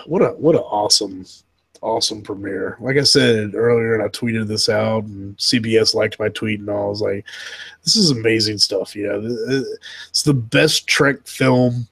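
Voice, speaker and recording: A man with a North Carolina Southern accent hosting a casual live reaction chat, excitable and laughing often, tripping over his words. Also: lowish voice, husky, rough recording. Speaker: host.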